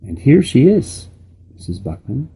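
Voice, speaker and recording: Gentle, solemn boy philosopher, voiced by a man, soft-spoken, dark husky timbre. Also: fairly low pitch, big pitch swings, normal speed, exaggerated voice. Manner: gentle, pronouncing.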